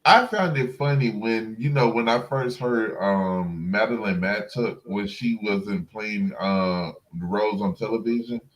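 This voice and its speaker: A man guest on a casual livestream chat, talking haltingly with restarts and laughs. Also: fairly low pitch, a bit bright, low-quality recording.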